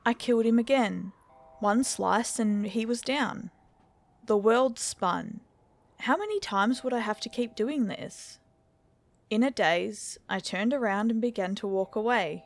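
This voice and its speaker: A woman narrating a scripted horror story in a steady, measured storytelling voice. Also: fairly high pitch.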